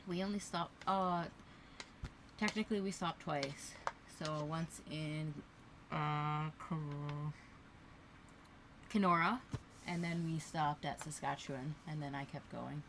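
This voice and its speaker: A woman from Canada co-hosting a casual livestream, giving relaxed, brief replies. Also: sits low, takes it slowly, long pauses, noisy background. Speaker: livestream co-host.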